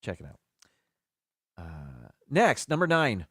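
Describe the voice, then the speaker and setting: A man's voice: on the low side, wildly swooping pitch, slow, fairly bright tone, slightly rough, no room sound, studio quality. A man hosting a casual live stream by himself, chatting as he thinks aloud. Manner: chatty, muses aloud about word pronunciations.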